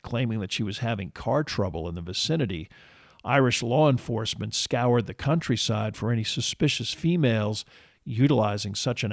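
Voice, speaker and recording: A man narrating a history podcast in a measured, steady scripted read. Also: mid-range voice, no echo, studio quality.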